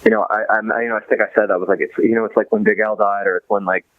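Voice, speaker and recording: A man's voice: fairly low pitch, flat delivery, rapid-fire, no echo, phone-quality sound. A man from Los Angeles, a podcast guest, talking in a casual, rambling way full of restarts and fillers. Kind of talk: casual chat.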